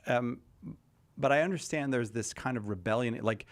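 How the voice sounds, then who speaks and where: A man's voice: mid-range voice, moderate pace. A man hosting a radio talk show, chatting casually with a panel and thinking aloud with lots of restarts.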